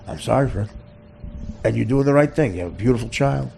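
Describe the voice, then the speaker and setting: Brief: male podcast host, gravelly voice, wildly swinging pitch, cursing rant, loud outbursts dropping to mutters. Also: animated, brisk, long pauses, a little hiss or hum. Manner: swings between loud shouted bursts and low muttering; heavy cursing, repeats and stammers. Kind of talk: profane comedic rant.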